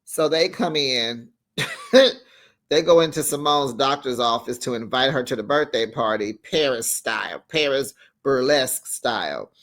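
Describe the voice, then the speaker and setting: A man with a medium-pitched, slightly bright voice hosts a reality TV recap channel. In an unhurried way, he gives sassy, chatty commentary and laughs frequently between points.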